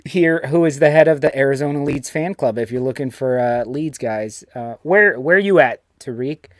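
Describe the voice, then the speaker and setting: A man with a New York accent hosting a casual sports fan show, animated and swearing freely. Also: mid-range voice, normal speed, dry recording, studio quality. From United States. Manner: animated, swears freely, puts on voices when quoting. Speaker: host.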